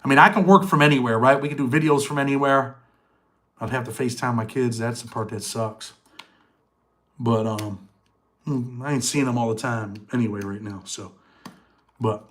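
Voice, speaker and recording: A man's voice: medium pitch, a bit bright. A middle-aged man hosting a casual live chat, talking in loose street slang and answering viewers' comments. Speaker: channel host.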